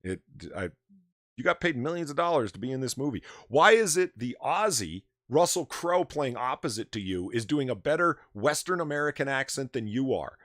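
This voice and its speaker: A man's voice: medium pitch, big pitch swings, normal speed, a bit bright, no echo, studio quality. A man hosting a casual livestream chat, ranting animatedly and swearing freely into his desk microphone. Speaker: podcast host.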